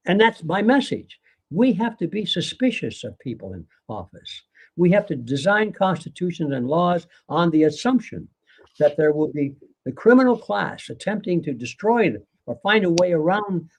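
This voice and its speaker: A man's voice: a little high, a little mellow, breathy edge. An older man, a guest author in a live conversation, speaking earnestly and lecturing, with occasional laughs.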